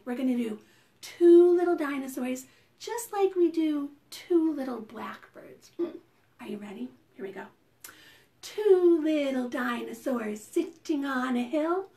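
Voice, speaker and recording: A high-voiced woman, working as a children's librarian, leads preschoolers through storytime with animated, sing-song reading and rhyme chanting.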